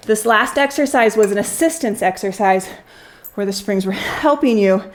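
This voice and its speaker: Woman, pilates instructor, counting reps, encouraging, slightly out of breath, slow unhurried delivery. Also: a little high. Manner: encouraging counting coach, audibly working out alongside. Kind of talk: workout class instruction.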